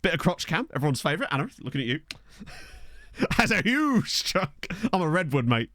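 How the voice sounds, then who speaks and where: A man's voice: fairly high pitch, very animated, bright, forceful tone, no room sound, clean studio sound. A man chatting casually on a live stream, thanking viewers and joking as he plays a football management game. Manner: chatty and jokey, thanking viewers, quick laughs. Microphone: desk microphone.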